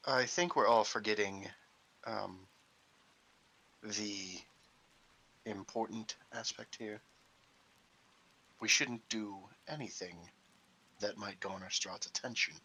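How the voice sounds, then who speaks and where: A man talking as a player in a tabletop game, measured and hesitant. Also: fairly low pitch, sharp tone, rough recording. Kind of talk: tabletop role-play table talk.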